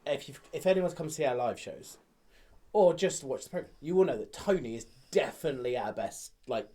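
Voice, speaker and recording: A man's voice: medium pitch, expressive, fairly quick, dark tone. A man with an English accent hosting a casual chat, speaking enthusiastically to viewers.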